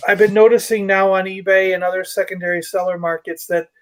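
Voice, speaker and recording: Guy, high-pitched, chatty co-host, animated and easygoing. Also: quick pace. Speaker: toy show co-host. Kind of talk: casual chat.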